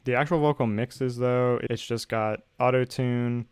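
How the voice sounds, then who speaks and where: A man's voice: mid-range voice, fairly even intonation, unhurried, over music. A young man casually walking through how he made his song, in a laid-back tone full of "like". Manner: laid-back, filler-heavy, uses "like" often. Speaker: music producer explaining his song. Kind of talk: casual tutorial voice-over. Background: his song playing underneath.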